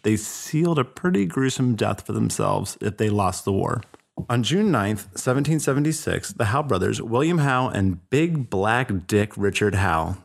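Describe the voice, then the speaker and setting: A young man with a lowish voice runs through history on a casual podcast. He tells it with irreverent jokes and plenty of swearing. He sounds a bit tipsy. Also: gravelly. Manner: irreverent, swearing, jokey asides. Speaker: podcast host.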